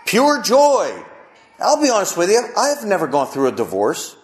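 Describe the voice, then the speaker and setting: A man's voice: high voice, huge pitch swings, fairly quick, reverberant. A male pastor preaching a sermon, asking the congregation rhetorical questions and repeating points for emphasis.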